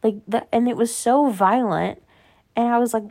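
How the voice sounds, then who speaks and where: A woman's voice: mid-range voice, steady tone, normal speed, dark tone. A young adult woman hosting her own show, chatting casually and rambling through stories with lots of "like" and tangents. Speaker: podcast host. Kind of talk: casual solo chat.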